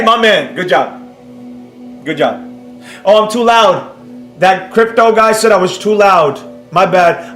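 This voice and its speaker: A man streaming live as a trading educator, reading viewer comments and talking straight to the audience in a brash, boastful way that jumps loud when he gets excited. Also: high voice, normal speed. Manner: animated, bursts up loudly when excited. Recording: roomy sound with faint music behind.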